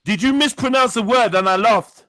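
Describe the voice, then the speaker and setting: A man's voice: extremely high pitch, moderate pace, sharp tone, no room sound. A Nigerian-born man hosting a live panel, arguing heatedly, interrupting and repeating his demands.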